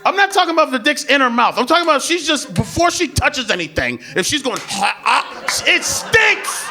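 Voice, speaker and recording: A man doing crude live stand-up comedy on a club stage, swinging between shouted bits and low asides to the audience. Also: very animated, a little fast. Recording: live club recording with loud crowd laughter. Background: audience laughter.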